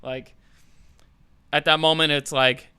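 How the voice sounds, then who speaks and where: A man's voice: fairly high pitch, level tone, slow pace, bright, forceful tone, smooth, no echo. A young man co-hosting a podcast, talking casually and reflectively about his experiences. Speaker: podcast co-host. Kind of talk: casual chat.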